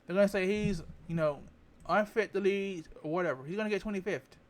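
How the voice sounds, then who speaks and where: Speaking briskly in a high-pitched voice, a vlogger offers frank political commentary to camera. He wanders, says the same phrases again and stops to verify his facts.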